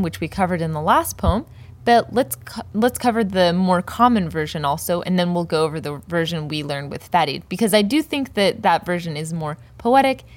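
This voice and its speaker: A woman with a fairly low voice teaches a language lesson on poetry. She goes slowly and carefully, repeating each word so learners can follow. The sound is dry and close, with little room. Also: dry recording.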